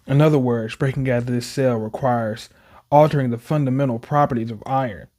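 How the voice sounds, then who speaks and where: A man reading as a calm, long-winded lab chief. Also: medium pitch, natural voice. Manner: measured, explanatory reading.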